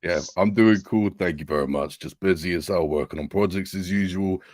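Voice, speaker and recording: Super deep gravelly guy on a movie stream, jokey, dry close sound. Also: fairly quick, a little mellow, no room sound. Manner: jokey, apologetic, laughs a lot. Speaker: co-host. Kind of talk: casual live-stream chat.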